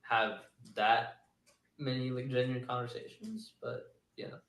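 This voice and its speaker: A man's voice: mid-range voice, measured pace, fairly bright tone. Man, interview guest, hesitant, distant from mic, roomy echo. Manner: hesitant, full of restarts and fillers. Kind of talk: casual interview answers.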